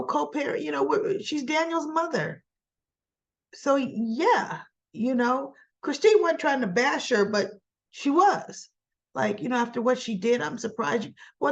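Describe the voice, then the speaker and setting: A woman's voice: sits high, highs cut off. A woman casually recapping soap opera scenes, retelling the dialogue in a chatty, loose way. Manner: chatty, retells scenes with quoted lines and laughs.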